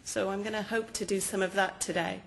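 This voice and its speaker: A woman from England with an English accent, giving a lively, joking academic lecture in a hall. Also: medium pitch, creaky. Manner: fast, lively and jokey with the audience. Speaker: guest lecturer.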